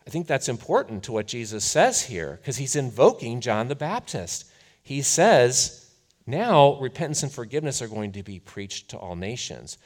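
A man preaching a sermon as a pastor, telling the story in a conversational, animated way. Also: mid-range voice, moderate pace.

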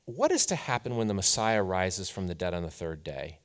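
Animated, conversational male preacher. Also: low-pitched, moderate pace. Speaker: pastor. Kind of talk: sermon.

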